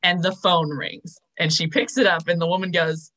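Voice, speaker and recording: A woman's voice: lowish voice, flat delivery, normal speed, sharp tone. A young woman co-hosting a podcast, casually recapping a TV episode, chatty and full of fillers. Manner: chatty, filler-heavy, storytelling. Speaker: podcast co-host.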